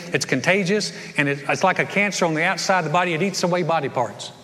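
A middle-aged male pastor preaching a sermon, telling the story in an animated way and repeating words as he goes. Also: on the high side. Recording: long reverb of a large church hall.

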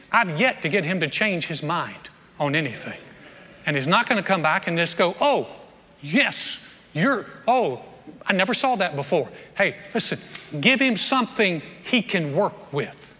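High, bright-voiced pastor preaching in a hall. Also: male voice, lively intonation, moderate pace, slightly rough. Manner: earnest, emphatic preaching with repeated phrases. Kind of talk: sermon. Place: church service before a congregation. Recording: long reverb of a large hall.

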